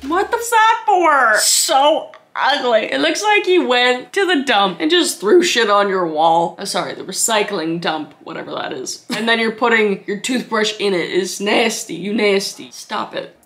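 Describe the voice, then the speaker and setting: Sarcastic bright-voiced woman. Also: mid-range voice, lively intonation, moderate pace, few pauses. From Canada. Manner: sarcastic, swears freely, laughs often. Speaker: comedy YouTuber. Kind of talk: comedic reaction commentary.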